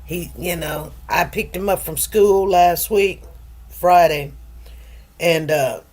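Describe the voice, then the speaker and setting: A woman in her fifties hosts a livestream, chatting with viewers in a loose, rambling way and laughing often. She speaks slowly in a lowish, darkish voice.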